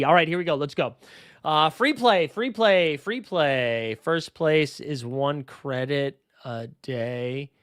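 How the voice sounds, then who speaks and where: A man hosting a casual livestream, his voice a touch high and very smooth and clear. He talks in a quick, chatty way, reading off names and numbers. The sound is dry and close. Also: dry recording. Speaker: fantasy basketball show host.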